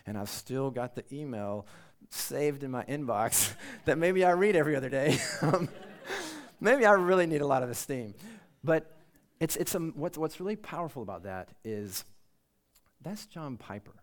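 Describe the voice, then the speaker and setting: A man's voice: a little high, expressive, normal speed. A male pastor delivers a casual, conversational sermon to a room of students. He is earnest but informal, and he pokes fun at himself as he goes. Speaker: campus pastor.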